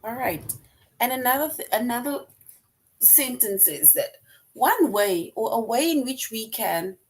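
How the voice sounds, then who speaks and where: A woman's voice: medium pitch, low-quality recording. A woman teaching a recorded grammar lesson, explaining step by step, repeating her example sentences and often checking in with "right?".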